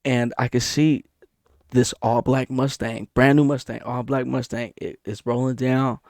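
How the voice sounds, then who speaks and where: A man casually telling a story about a dream, animated and repetitive, punctuating it with sound effects. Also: a little slow, no echo, studio quality. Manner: animated, repeats himself, sound effects like boom. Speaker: vlogger.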